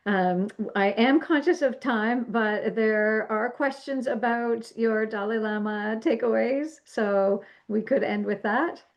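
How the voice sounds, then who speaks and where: A woman's voice: fairly high pitch, takes it slowly, hardly any pauses. A woman who hosts and moderates a webinar, thanking the guest and the audience politely and graciously. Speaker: webinar host.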